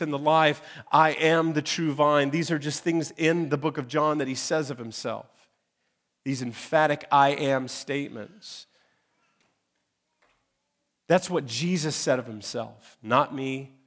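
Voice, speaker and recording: A male pastor preaching a sermon, landing on key phrases with emphatic pauses. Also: mid-range voice, a bit bright. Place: church sanctuary.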